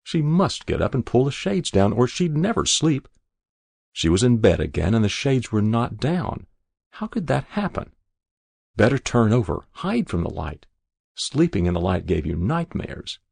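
Gravelly male voice reading literary fiction. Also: on the low side, no echo. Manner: measured, expressive reading. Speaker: narrator. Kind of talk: scripted literary narration.

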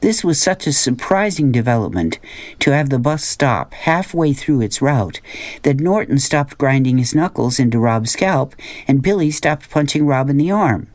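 Storybook narrator, man, mid pitch, steady plain read, dry close sound. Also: moderate pace, no room sound. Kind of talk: storybook reading aloud.

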